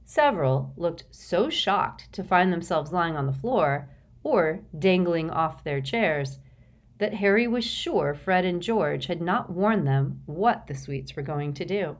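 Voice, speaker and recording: A woman narrating an audiobook with expressive, measured storytelling. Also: low-pitched.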